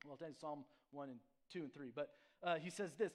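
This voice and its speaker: A man with a high-pitched voice delivers a sermon as a pastor. He talks conversationally, checks in with the congregation, and restarts his phrases often. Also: moderate pace, few pauses. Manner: conversational preaching with frequent "right?" and restarts.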